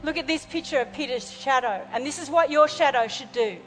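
Female pastor, high voice, fervent sermon, long hall reverb. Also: fairly quick, a bit bright, faint music behind. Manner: fervent, calls out to congregation.

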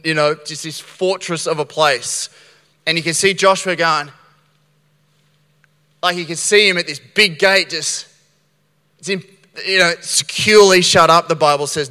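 A man preaching a lively sermon, acting out Bible scenes and restarting his sentences as he goes. His voice is bright and clear, and it rings out with the long reverb of a big church hall. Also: on the high side. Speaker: pastor.

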